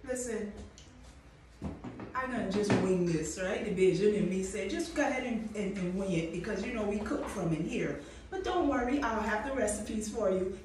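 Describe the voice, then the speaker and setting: A woman chef walks through a dish in a chatty, encouraging way, talking straight to the viewer. She is recorded from a distance in a very echoey kitchen, with clear background noise. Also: mid-range voice. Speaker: chef and host. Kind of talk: cooking demonstration. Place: kitchen at a coffee company. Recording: echoey room, mic far off, background noise.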